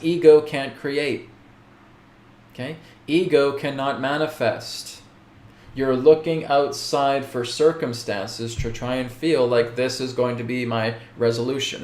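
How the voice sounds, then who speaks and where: A man's voice: mid-range voice, reverberant. A man hosting a spiritual show, answering viewer questions in a casual, direct way, often checking in with "okay". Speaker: host.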